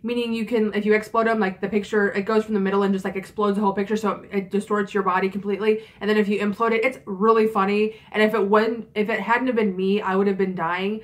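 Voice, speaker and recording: A woman's voice: medium pitch, flat delivery, quick pace, few pauses. A young woman in her twenties telling a story in a casual vlog, chatty and frank, with lots of fillers and swearing. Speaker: vlogger.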